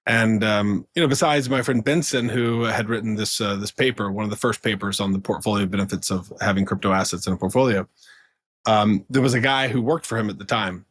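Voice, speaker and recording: A man's voice: lowish voice, fairly even intonation, brisk, a bit bright, no echo, clean studio sound. A man guesting on a podcast, chatting casually with frequent fillers, restarts and laughs mid-sentence. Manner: rambling, full of fillers and restarts. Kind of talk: casual storytelling.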